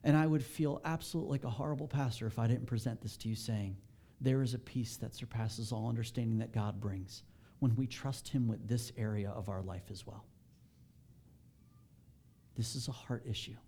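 Mellow-voiced pastor preaching animatedly. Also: male voice, normal speed. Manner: animated, rising in pitch and volume when stressing a point. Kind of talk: sermon.

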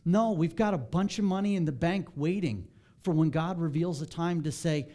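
Male pastor, sermon delivery, mellow tone, animated and conversational, climbs higher and louder on key points. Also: moderate pace. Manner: animated, rising in pitch and volume when stressing a point.

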